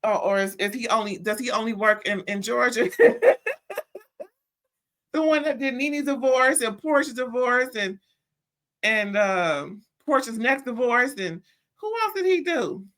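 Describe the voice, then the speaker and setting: Woman, recap host; casual, animated storyteller with slang and quick impressions. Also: on the high side.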